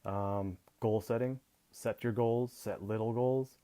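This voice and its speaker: Low, flat-voiced man giving coaching advice. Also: slow pace. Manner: casual and conversational, often adds "right?". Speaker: lacrosse coach. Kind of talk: coaching Q&A talk.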